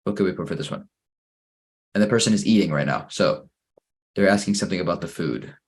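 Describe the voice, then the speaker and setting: A patient man leads an English grammar lesson for children over a computer microphone, his voice sitting fairly low. He reads each exercise out slowly and encourages every answer. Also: expressive. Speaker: English teacher.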